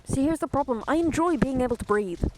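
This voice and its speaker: A woman's voice: sits high, lively intonation, quick pace. A woman streaming a video game, talking casually and exasperated, swearing often into a close mic that picks up her breathing. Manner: exasperated, swearing, self-mocking. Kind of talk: casual gaming stream chat. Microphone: close headset mic near her face.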